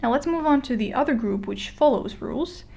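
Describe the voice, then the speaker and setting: Woman teaching a lesson over a screen recording, kinda high voice, lots of um and you know. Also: expressive, creaky, a little mellow. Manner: chatty, many fillers and restarts, slows to model words. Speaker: Spanish teacher. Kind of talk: casual explainer lesson.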